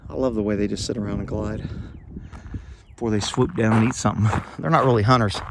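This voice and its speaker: A man's voice: on the low side, fairly even intonation, quick pace, noisy background. A middle-aged man, rambling bluntly while walking outdoors, slightly out of breath, recorded on a phone. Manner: rambling, blunt, chuckling asides. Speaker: vlogger. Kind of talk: casual walking monologue. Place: outdoors on rural property. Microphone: phone held while walking.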